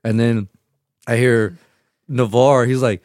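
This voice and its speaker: A man's voice: on the low side, brisk, no room sound, clean studio sound. A young man, the groom, chatting casually with friends and telling stories with lots of laughter and swearing. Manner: laughing, profane storytelling. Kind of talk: casual chat among friends.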